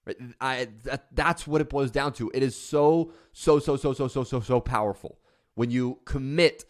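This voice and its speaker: Speaking at a moderate pace in a mid-range voice, a male motivational speaker puts on a mocking voice at the start, then delivers his talk with passion and emphasis.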